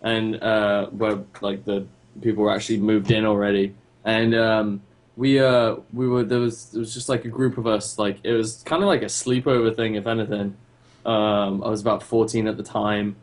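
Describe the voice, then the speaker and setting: Male podcast co-host, lowish voice, casual and profane, loose with filler words. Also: level tone, moderate pace. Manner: casual, swears often, many fillers. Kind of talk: casual storytelling chat.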